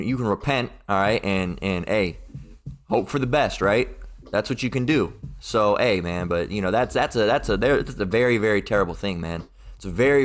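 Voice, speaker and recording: A man preaching in a loose, rambling way. He is blunt and profane, keeps asking "all right?" and "okay?", and mocks opponents in raised put-on voices. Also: on the low side. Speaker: street-style preacher. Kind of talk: informal preaching rant.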